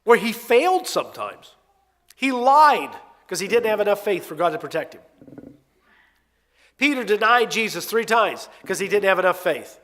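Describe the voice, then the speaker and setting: A man preaching a sermon in an expressive, conversational storytelling way with emphatic swings. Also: high voice, normal speed, pauses often. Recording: long hall reverb.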